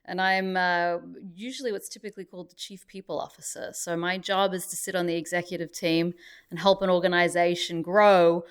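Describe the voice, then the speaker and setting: A woman's voice: fairly low pitch, flat delivery, fairly quick, clean tone. A middle-aged woman from Australia with an Australian accent, chatting cheerfully as a guest in an interview. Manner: cheerful, chatty, laughs easily. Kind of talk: casual interview. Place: busy event venue.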